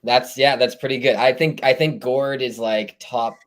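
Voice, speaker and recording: A Canadian man, an indie author guest, chatting easygoing and halting with lots of fillers. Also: mid-range voice, fairly even intonation. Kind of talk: casual interview chat.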